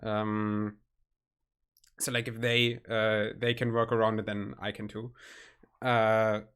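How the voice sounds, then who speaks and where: A man with a German accent, a native German speaker, chatting casually on a stream, halting and searching for his words. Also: lowish voice, flat delivery, a bit bright, smooth. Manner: halting, searching for words, nervous self-conscious laughs.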